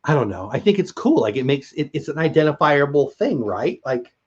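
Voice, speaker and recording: A husky, slightly high male voice with big pitch swings moves fairly quickly as this San Diego native hosts a livestream interview. It's casual, rambling chat full of self-deprecation, recorded in dull-ish lo-fi quality.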